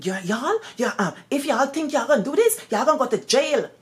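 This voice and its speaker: A woman voicing a stern older female head teacher with a Guyanese accent, who sharply shouts reprimands at her staff and pupils. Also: sits high, expressive, fairly quick, pitched above the performer's own voice. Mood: stern scolding.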